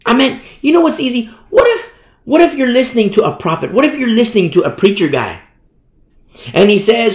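A man preaching a sermon, his voice sitting a little high and rising and falling a lot. He is tired and acts out the people he quotes. The room around him is echoey. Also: moderate pace. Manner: animated, mimics the people he quotes. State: tired from no sleep.

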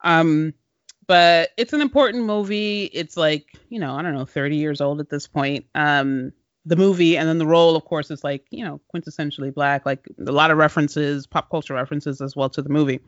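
A woman's voice: deep voice, a little fast, no room sound, dull audio. A woman from Maryland co-hosting a casual podcast chat, playful and laughing often. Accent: mixed British put-on over American. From Maryland, United States. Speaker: podcast co-host.

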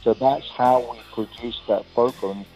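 An older man with an English accent, a guest telling lively anecdotes and acting out the dialogue of the people in them. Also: medium pitch, normal speed, soft background music, rough recording. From England. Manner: lively storyteller who acts out quoted dialogue with many restarts. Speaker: guest, record producer and guitarist.

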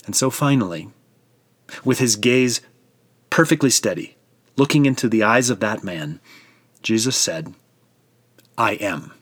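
A man narrates a scripture story with dramatic, vivid storytelling. His voice is low and husky. The recording is dry and close. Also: animated, unhurried, long pauses, no echo.

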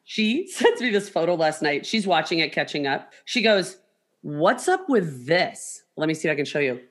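A woman's voice: low voice, a little fast. A middle-aged woman co-hosting a podcast, chatting casually and acting out the voices of people in her stories. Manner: animated storyteller who acts out quoted voices. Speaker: podcast co-host. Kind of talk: casual chat.

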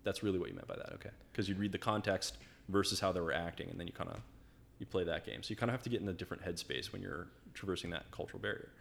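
A guest with a very low voice speaks at a brisk clip. He rambles through his stories and leans on "like" constantly, in a loose, conversational way. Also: gravelly, a bit bright, slight background noise. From United States. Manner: rambling storyteller, filler-heavy, full of "like". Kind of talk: casual conversation.

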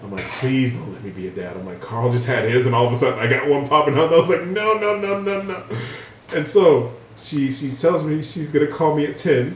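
A young man co-hosting a podcast, chatting casually and telling stories animatedly, swearing and jumping his voice high when he quotes people. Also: quick pace, few pauses. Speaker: podcast co-host. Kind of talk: casual chat, storytelling. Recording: roomy room, voice slightly off-mic, faint noise.

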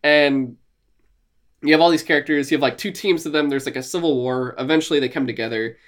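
Male podcast co-host, casual and animated, quick to laugh and mimic. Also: on the high side. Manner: animated, laughing, acts out quotes. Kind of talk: casual gaming chat.

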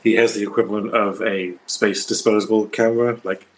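A man's voice: on the low side, little pitch movement, brisk. A man playing a tabletop role-playing game, rambling casually and using lots of filler words. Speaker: player.

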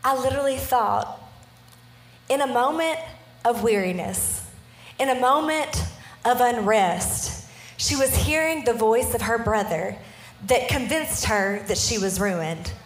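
A woman in her thirties giving a storytelling sermon, animated and often checking in with her listeners. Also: fairly high pitch, measured pace, echoey room. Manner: animated, keeps checking in with the audience. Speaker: preacher.

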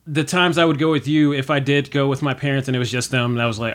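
A man's voice: medium pitch, little pitch movement, fast talker, fairly bright tone, smooth. Rambling young man in casual chat. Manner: rambling, many fillers, acts out his own quotes. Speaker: guest.

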